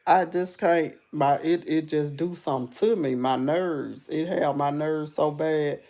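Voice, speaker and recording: A woman with a gravelly, creaky voice chats on her live stream. Her talk is rambling and repetitive and sprinkled with "baby" and "honey". She sinks into a low, subdued murmur, then bursts up high and loud as she retells what happened, laughing along the way. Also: fairly even intonation, a little slow. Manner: laughs while telling the story. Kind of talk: casual live stream storytelling.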